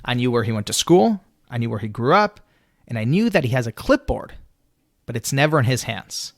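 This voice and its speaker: A man telling a story as a podcast guest, animated and full of "you know" fillers. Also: medium pitch.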